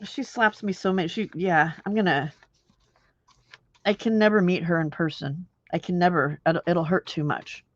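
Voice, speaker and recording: A woman's voice: on the low side, normal speed, dry recording. A woman hosting a late-night crafting livestream, chatting with viewers and giggling often. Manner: chatty and giggly, answering comments while crafting. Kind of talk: casual chat with live chat viewers. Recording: dull, muffled lo-fi stream audio.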